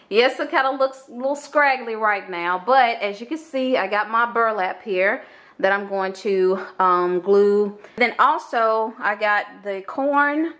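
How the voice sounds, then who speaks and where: Chatty woman vlogging at home. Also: mid-range voice. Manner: chatty, animated, indignant storytelling. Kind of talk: casual vlog chat. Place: home kitchen.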